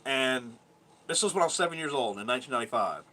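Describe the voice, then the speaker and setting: A vlogger in his thirties from Georgia, US, rambles through a profane childhood story in a casual video, laughing now and then. His medium-pitched voice is expressive, quick, bright, and forceful.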